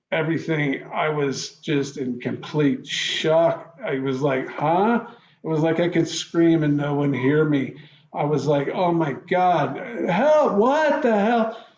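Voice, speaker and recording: A man telling his own story in an interview, halting often and acting out his past reactions in quoted lines. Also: a little high, a little mellow, reverberant, highs cut off.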